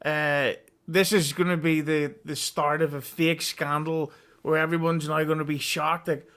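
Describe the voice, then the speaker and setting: A man's voice: on the high side, flat delivery, measured pace, fairly bright tone. A man appearing as a podcast guest, giving blunt, profane, dismissive opinions. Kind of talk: casual podcast chat.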